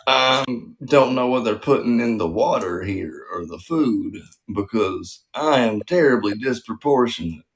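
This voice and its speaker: A man's voice: on the low side, animated. A man hosting a comedy talk show, swearing freely and joking at his own expense. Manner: profane, self-deprecating, quick jokes. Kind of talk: crude casual comedy banter.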